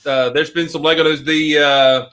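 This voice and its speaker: A man's voice: on the high side, level tone, normal speed, a bit bright. A man hosting a casual video chat who rambles through stories and laughs often. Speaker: host.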